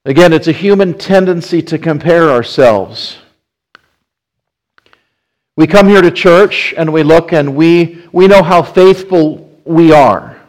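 In poor audio, a man with a slightly high voice preaches a sermon in church. The pastor speaks conversationally, often restarting phrases as he explains.

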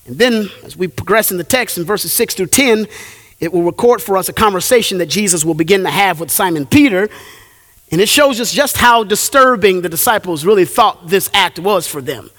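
A male pastor preaching a sermon, with animated delivery and drawn-out emphatic phrases. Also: high voice, big-room sound.

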